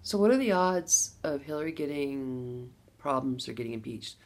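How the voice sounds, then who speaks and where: A middle-aged woman from Las Vegas telling a personal story to camera, animated, with bursts of laughter between lines. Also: extremely low pitch, normal speed. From Las Vegas, USA. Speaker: vlogger.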